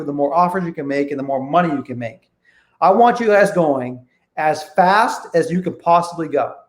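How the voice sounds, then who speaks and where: Emphatic man coaching, slightly high voice. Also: echoey room. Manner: emphatic, keeps checking in with "okay?". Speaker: real estate investing coach. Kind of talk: online training talk.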